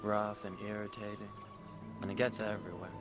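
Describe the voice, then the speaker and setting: A man quietly putting on a flat, deadpan voice for a sulky young woman thinking to herself. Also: lowish voice, faint music behind, natural voice. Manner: hushed, flat, slow deadpan.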